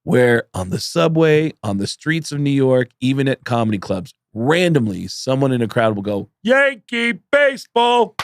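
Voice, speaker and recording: A man co-hosting a comedy podcast, telling stories in casual chat with quick, animated bursts. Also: medium pitch, gravelly, no room sound. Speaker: podcast co-host.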